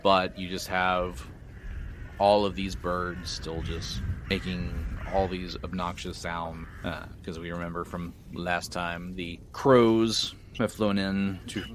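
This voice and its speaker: Slow, low-voiced game master. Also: male voice, background noise. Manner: unhurried, laid-back narration. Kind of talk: narrating a tabletop game.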